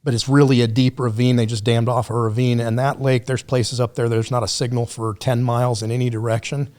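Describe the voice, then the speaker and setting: Male podcast guest, mid-pitched, laid-back and profane, easy storyteller on a studio mic. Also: flat delivery, fairly quick, darkish tone. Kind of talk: casual storytelling chat.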